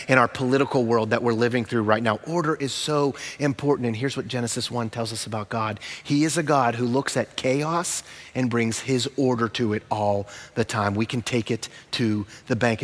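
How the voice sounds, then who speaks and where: Animated pastor, man, hall reverb. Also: mid-range voice. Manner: animated storytelling with sudden hushed, slow emphasis. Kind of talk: sermon.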